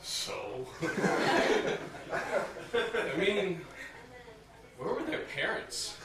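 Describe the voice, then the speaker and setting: A man doing a stand-up routine, playing an ignorant bigot persona with a slow deadpan delivery that keeps breaking into laughter. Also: high-pitched, crowd noise. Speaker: stand-up comedian. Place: party venue with a live audience. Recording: echoey room, far from the mic, loud noise.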